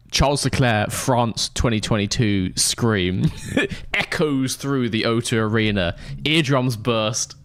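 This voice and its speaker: A man's voice: mid-range voice, slow pace, a bit bright, dry recording. A young man chatting casually with his live-stream viewers, rambling and swearing in mock-indignant banter.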